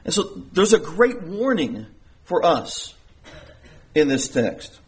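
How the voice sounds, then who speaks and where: A man's voice: a little high, very animated, takes it slowly. A middle-aged pastor preaching an earnest sermon, with emphatic rises in his voice.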